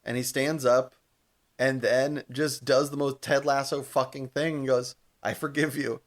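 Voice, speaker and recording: A young man co-hosting a casual podcast, his voice sitting in an ordinary middle register. He recaps scenes with animated, laughing energy and swears freely as he talks. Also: mid-range voice, a little slow. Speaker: podcast co-host. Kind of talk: casual chat.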